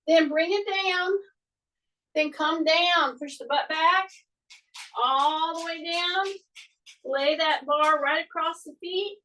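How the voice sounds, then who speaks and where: A woman's voice: very high-pitched, slow, pauses often, sharp tone, distant mic, poor audio. A middle-aged woman leading a fitness class from her home exercise room, chatty and coaching with repeated cues. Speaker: fitness instructor. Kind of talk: live exercise class instruction. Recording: voice from away from the mic.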